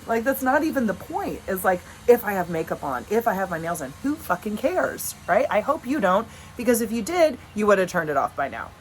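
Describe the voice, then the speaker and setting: A woman's voice: medium pitch, very animated, fairly quick, hardly any pauses, slight background noise, rough recording. A woman in her thirties talking frankly and casually to camera at home, swearing now and then. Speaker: vlogger and coach. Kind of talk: casual direct-to-camera vlog. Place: at home with dogs.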